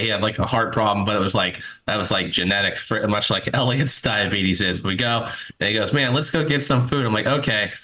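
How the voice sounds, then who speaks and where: A man in his thirties with a lowish, sharp voice performs stand-up from home at his computer, over a video call on its built-in mic. The recording is rough. He rambles through self-mocking anecdotes with lots of fillers.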